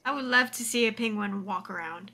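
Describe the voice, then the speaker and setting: A woman game streamer chats casually while playing, giggly and rambling, packing her speech with "like." Her mid-range voice is fairly quick, creaky and bright, with a forceful tone.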